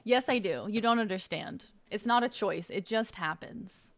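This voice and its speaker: Casual woman streamer, mid-pitched, playful banter with frequent swearing. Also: moderate pace, gravelly, fairly bright tone. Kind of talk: casual live-stream chat.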